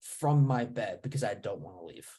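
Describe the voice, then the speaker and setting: A man who is an actor, co-hosting a podcast in a relaxed, easygoing chat. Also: fairly low pitch, moderate pace, crowd noise. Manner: relaxed, easygoing, laughs often. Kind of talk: casual chat.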